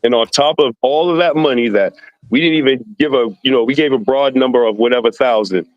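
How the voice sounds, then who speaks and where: A man's voice: mid-range voice, a little fast, no echo, highs cut off. A man chatting as a podcast guest, blunt and profane, acting out quoted voices as he tells stories. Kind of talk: casual podcast chat.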